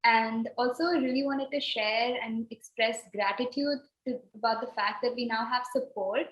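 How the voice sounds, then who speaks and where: A woman's voice: on the high side, steady tone, normal speed. A woman co-hosting a podcast, wrapping up in a casual, grateful, rambling way over a video call. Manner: warm, grateful, rambling with fillers. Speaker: podcast co-host. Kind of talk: casual wrap-up talk. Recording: echoey, dull lo-fi call audio.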